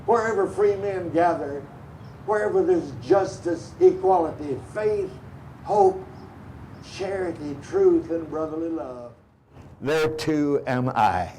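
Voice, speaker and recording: Older man, solemn measured recitation, slightly high voice, outdoor memorial ceremony. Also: mellow, a little hiss or hum. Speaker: ceremony emcee. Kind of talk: patriotic recitation and ceremony hosting.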